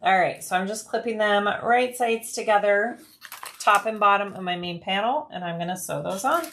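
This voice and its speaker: A woman's voice: medium pitch, normal speed, a bit bright, slight background noise. A middle-aged woman hosting a casual livestream as she sews, chatting, explaining each step and reading out viewer comments. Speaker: live stream host. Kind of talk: casual livestream chat while sewing.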